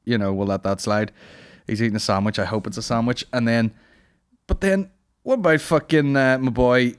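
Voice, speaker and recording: A man's voice: medium pitch, normal speed, clean tone. A young Northern Irish man hosting a podcast, telling crude jokes in a sweary, giggly, storytelling way. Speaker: podcast host. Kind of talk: crude comedic banter.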